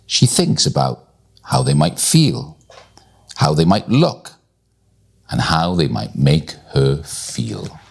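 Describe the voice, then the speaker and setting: A man with a very low voice reads a bedtime story aloud. He takes his time, letting his pitch rise and fall in a lively, expressive way. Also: gravelly, breathy edge. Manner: expressive, slow and deliberate storytelling.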